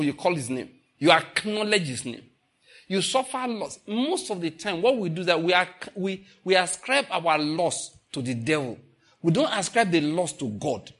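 Nigerian pastor guy preaching, bit high voice, hammers points over and over, gets loud. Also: very animated, fairly quick. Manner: emphatic, repeats lines, rises to loud bursts. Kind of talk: sermon.

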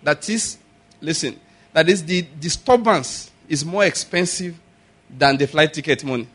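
A man preaching a sermon, telling stories and acting out the people in them with sudden shouts. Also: on the high side, a little slow. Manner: storytelling, acts out quoted voices with sudden shouts. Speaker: pastor.

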